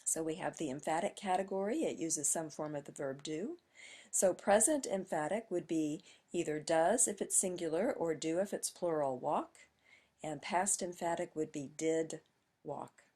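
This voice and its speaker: Breathy-voiced woman teaching grammar. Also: on the low side, normal speed, warm tone. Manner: patient, methodical, with emphatic stresses. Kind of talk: grammar lesson.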